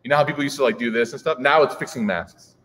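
A man's voice: medium pitch, quick pace, fairly bright tone, a little hiss or hum. A man in his thirties giving a humorous religious talk to an audience, chatty, with joking asides and many fillers. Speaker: preacher. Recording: reverberant hall.

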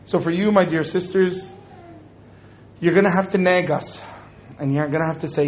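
Animated, joking man giving a religious talk. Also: fairly high pitch, moderate pace, long pauses, a little hiss or hum. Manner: joking, animated, acts out little scenes. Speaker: speaker at an Islamic talk. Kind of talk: humorous religious talk to an audience.

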